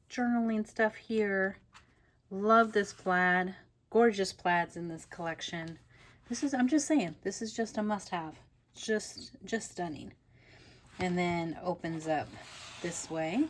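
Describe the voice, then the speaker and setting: A woman's voice: medium pitch, slight background noise. A woman hosting a casual papercraft tutorial, chatty and rambling, often laughing between thoughts. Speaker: papercraft channel host. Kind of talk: casual crafting tutorial chat.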